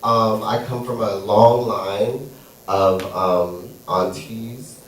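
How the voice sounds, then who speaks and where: A man's voice: fairly low pitch, extremely slow, a little hiss or hum. A man performing a stand-up comedy set on a theater stage, sassy and playful, drawing out his punchlines. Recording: echoey room, far from mic.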